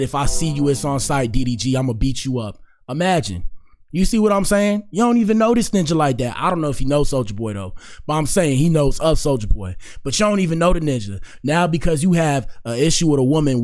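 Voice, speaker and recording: A man's voice: fairly high pitch, darkish tone. A man hosting a podcast, rambling in casual commentary with lots of "like" and "you know", then lecturing his listeners earnestly. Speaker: podcast host.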